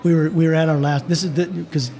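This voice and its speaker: An older man with a fairly high voice tells a story in a loose, rambling way. He restarts his sentences often and laughs lightly as he talks. His tone is casual and friendly. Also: fairly even intonation, fast talker, mellow. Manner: rambling, with frequent restarts and chuckles. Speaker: guest, team doctor.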